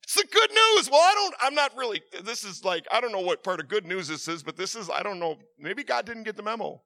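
A man preaching a sermon with passion, stammering and repeating words, swinging from hushed confession to loud outbursts. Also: sits high, animated, quick pace, dry recording.

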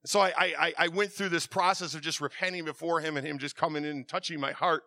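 Guy preaching, high bright voice, gets quiet then shouts, lots of stammering. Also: fairly even intonation, fast, vocal fry. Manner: impassioned, swings from hushed to shouting, stammers and repeats words. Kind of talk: sermon.

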